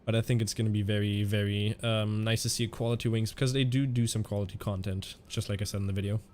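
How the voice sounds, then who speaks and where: A man streaming a flight simulator, chatting casually in a halting way and answering viewers' questions as he flies. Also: fairly low pitch, level tone, a little mellow, slight background noise. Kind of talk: casual live-stream commentary.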